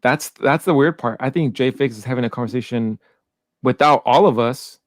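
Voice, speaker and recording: A man's voice: mid-range voice, moderate pace, no echo, clean studio sound. A man hosting a live stream, teasing his guest, laughing often and reading viewer comments aloud. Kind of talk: casual live-stream banter.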